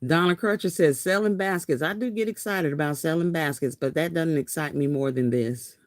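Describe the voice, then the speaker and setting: A woman's voice: deep voice, moderate pace, no echo. Woman, 50s, live-stream host, chatty, laughs a lot, dry close sound. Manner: chatty, laughs often, says y'all a lot. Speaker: craft channel host. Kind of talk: casual live-stream chat reading comments.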